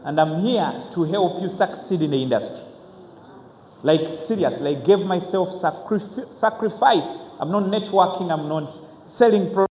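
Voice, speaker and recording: A man, telling his own story to an audience as a motivational speaker, earnest and halting, with frequent restarts. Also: high-pitched, a little mellow, slight background noise. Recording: echoey hall with faint ambience.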